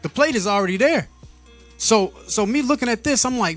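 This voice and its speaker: A man with a slightly higher voice tells a personal faith story in a relaxed, earnest way. He often repeats and restarts his words and laughs between phrases. Soft music plays faintly behind him. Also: brisk. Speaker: vlogger sharing a faith testimony. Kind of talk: casual spoken storytelling.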